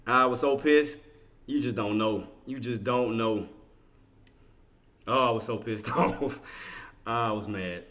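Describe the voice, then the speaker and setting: A man's voice: lowish voice, steady tone, takes it slowly, long pauses, a bit bright. A man streaming his live trades, thinking aloud in casual slangy talk and chatting with his viewers. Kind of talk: live trading commentary.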